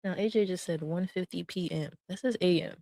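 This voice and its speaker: A woman, casually commenting on screenshots with animated, swearing, laughing retellings. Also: on the low side, brisk, vocal fry, no room sound. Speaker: stream co-host.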